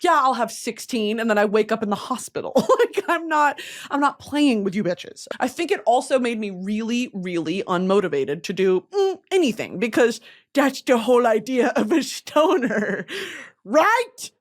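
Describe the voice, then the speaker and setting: Woman host: lively, slightly high, profane and laughing, casual chat. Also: moderate pace. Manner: animated, profane, laughs often. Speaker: podcast host.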